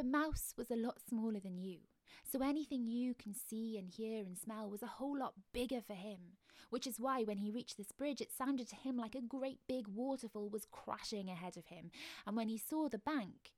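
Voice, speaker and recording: A woman telling a story to the listener during an outdoor walk, gentle and often dropping to a whisper. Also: mid-range voice, moderate pace, gravelly, dry recording. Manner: gentle, hushed, speaks to the listener. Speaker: storyteller and guide.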